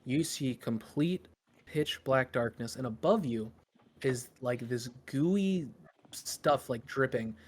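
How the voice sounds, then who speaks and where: A man's voice: mid-range voice, a little mellow. A man narrating a tabletop game as game master, in a loose, improvised storytelling way with fillers.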